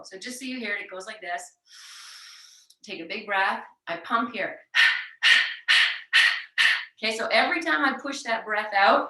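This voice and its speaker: A woman teaching a yoga class, giving gentle, encouraging breathing cues and demonstrating breath of fire out loud. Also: mid-range voice. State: sweating from exertion. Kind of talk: guided yoga class instruction. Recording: roomy echo, voice heard from a distance.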